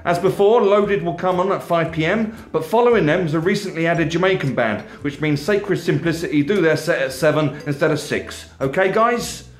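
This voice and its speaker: A man voicing a brisk, bossy woman who organises a festival, reading a comedy novel aloud in an echoey room. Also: a little high, faint music behind, voice pushed up, lightly acted. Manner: brisk, commanding, raised voice.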